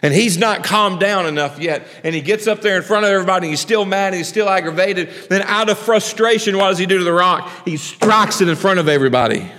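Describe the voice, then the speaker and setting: Speaking quickly with few pauses, this pastor delivers his sermon in a bright, high-pitched voice, chatting with the congregation through questions and playing the people in his story. He grows animated, yet drops to a low, quiet tone for God's lines. The recording carries the long echo of a big hall.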